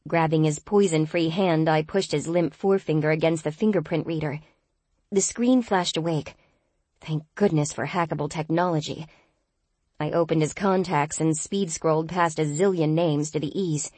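Husky woman reading an audiobook. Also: sits low, fairly even intonation, normal speed, darkish tone, no room sound. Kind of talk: first-person audiobook narration.

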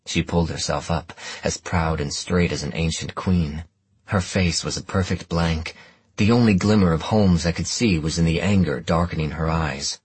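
A man narrating a first-person story in a measured, even way on a close studio mic. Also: low voice, husky, dry recording. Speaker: audiobook narrator.

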